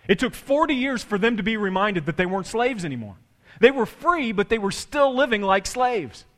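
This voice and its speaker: A man's voice: high voice, a bit bright. A man preaching a sermon as pastor, impassioned and repetitive, often restarting his phrases. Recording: long church reverb.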